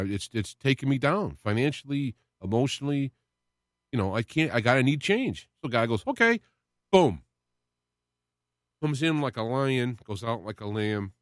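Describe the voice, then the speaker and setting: Hosting a solo radio show, a man gives a personal faith talk monologue that's heartfelt and rambling, swelling with emotion and close to tears at moments. His voice sits fairly low. The sound is dry and close.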